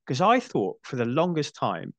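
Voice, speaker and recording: A man's voice: mid-range voice, wildly swooping pitch, normal speed, fairly bright tone, no echo. A middle-aged man hosting a casual film chat, thinking aloud and restarting his sentences. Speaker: podcast host.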